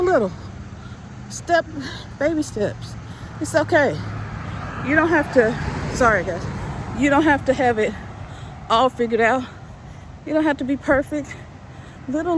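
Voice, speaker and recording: A woman's voice: high voice, lively intonation, a little slow, long pauses. A middle-aged woman, out of breath, giving a casual, encouraging vlog as she walks outdoors on a residential street, repeating her points with a preachy insistence. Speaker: vlogger. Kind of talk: casual motivational vlog while walking. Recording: faint street noise outdoors.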